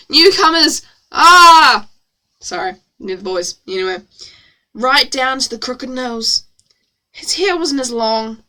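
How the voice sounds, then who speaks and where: A woman streamer reading her own novel aloud, with a bright, rather high voice. She breaks off often for playful, self-mocking asides.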